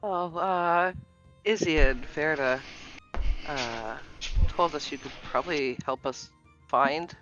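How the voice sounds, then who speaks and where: A woman player in a tabletop game speaks in a laid-back, blunt way. Her voice is lowish and her pace slow. The recording is dull and lo-fi, with clear music in the background. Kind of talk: casual tabletop play.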